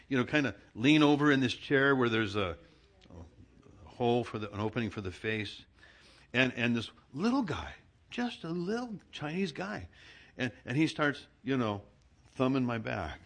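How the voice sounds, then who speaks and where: Male pastor, bright voice, conversational preacher who pokes fun at himself. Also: medium pitch, animated, normal speed. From Southern California. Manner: conversational storyteller, self-mocking humor. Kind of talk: sermon with humorous personal anecdotes.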